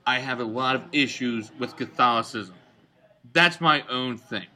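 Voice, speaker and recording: A man's voice: medium pitch, moderate pace, bright, forceful tone. A man co-hosting a casual bar-talk show, rambling and profane while giving his opinions. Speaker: podcast co-host.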